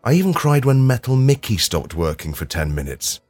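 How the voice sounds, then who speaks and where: A man hosting a podcast, delivering a dry, self-mocking comic monologue with sudden loud outbursts. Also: medium pitch, very animated, moderate pace, faint music behind. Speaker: podcast host. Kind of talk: comedic monologue.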